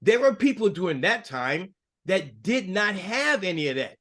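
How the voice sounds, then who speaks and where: A man's voice: big pitch swings, moderate pace, a bit bright. A man co-hosting a political podcast, talking casually and getting heated. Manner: heated, rising pitch when angry. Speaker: podcast co-host.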